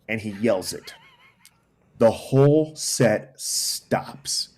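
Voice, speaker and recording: A man's voice: on the low side, animated, drawn-out words. A man in his forties from Texas, a guest on a podcast, telling a story and acting out other people's lines, repeating phrases for emphasis. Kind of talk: casual storytelling chat.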